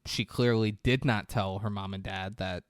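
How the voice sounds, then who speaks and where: A man co-hosting a podcast, casually retelling movie scenes in an animated storytelling way. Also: on the low side, moderate pace, dry recording, studio quality. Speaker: podcast co-host.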